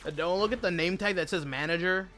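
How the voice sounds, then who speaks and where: A man's voice: high-pitched, fast, pushed and bright, faint music behind. Young man ranting profanely with slang. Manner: profane, rambling storytelling with slangy asides. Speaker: gaming streamer. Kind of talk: casual chat while gaming.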